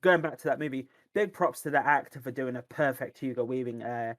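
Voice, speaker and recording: A man co-hosts a podcast, talking casually and eagerly about films and games, rambling and often restarting his sentences. His mid-range voice is brisk and fairly bright, with no echo.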